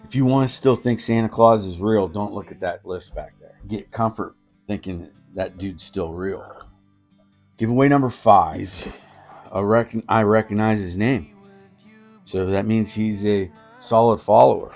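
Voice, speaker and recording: A man's voice: fairly low pitch, normal speed, a little mellow, soft background music. A man in his fifties hosting a casual vlog, rambling and joking as he hands out giveaway knives. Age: 50s. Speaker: knife channel host.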